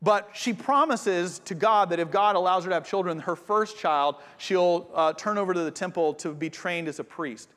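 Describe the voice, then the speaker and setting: Guy pastor preaching in a big reverby church, kinda high voice, chatty. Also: moderate pace, few pauses, fairly bright tone. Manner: conversational, addresses congregation directly. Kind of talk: sermon. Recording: long hall reverb.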